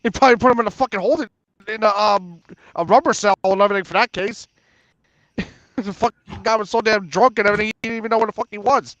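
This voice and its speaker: Male host, high voice, dry close sound, rambling cursing storyteller. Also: fast talker, fairly bright tone, no echo, lo-fi sound. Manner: profane, laughs often, repeats himself. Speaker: panel host. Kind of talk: casual storytelling.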